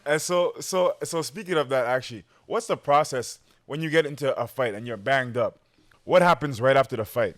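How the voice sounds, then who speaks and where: A man's voice: medium pitch, normal speed. A man hosting a casual interview, asking questions and backing the talk with small listening sounds. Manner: asks questions, lots of listening noises. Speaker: host.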